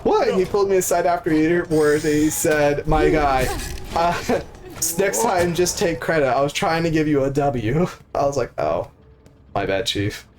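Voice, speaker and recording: A man's voice: a little high, normal speed, a little mellow. A young man, a live streamer, telling a story casually, full of swearing and acting out the voices of the people in it. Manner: profane, acts out voices of people in his stories.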